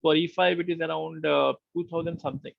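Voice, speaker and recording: A man teaches a live online class in a patient, conversational tone. His voice sits a touch high and has a gravelly edge. The sound is dry and a little muffled, like an online meeting call. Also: steady tone, quick pace, dry recording. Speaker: online course instructor.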